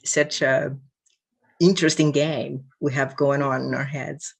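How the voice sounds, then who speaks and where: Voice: mid-range voice, flat delivery, vocal fry, breathy edge. Host, reflective casual talk, searches for words, mid-range voice. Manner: thoughtful, halting, searching for words. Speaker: host and diversity company CEO.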